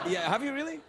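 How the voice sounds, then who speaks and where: A middle-aged man hosting a late-night talk show, wisecracking and telling stories with lively timing. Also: very high voice. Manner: wisecracking, animated storyteller. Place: TV studio with live audience. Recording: studio audience laughter and noise.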